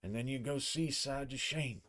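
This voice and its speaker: A man voicing a dapper, civil male combat instructor whose prim, smooth way of talking is slurred by a smashed face. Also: mid-range voice, normal speed, fairly bright tone, lightly acted. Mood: battered, formal.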